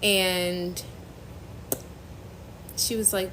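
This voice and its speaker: A young woman hosting a faith-based phone live stream, giving an emotional personal testimony in a halting, earnest way, near tears. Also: medium pitch, noisy background. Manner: halting, earnest, trailing off and restarting.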